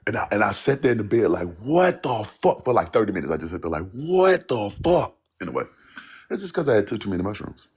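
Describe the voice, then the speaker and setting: Deep husky man telling a wild story. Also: very fast. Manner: animated, laughing, swearing, acting out quotes. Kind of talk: casual storytelling.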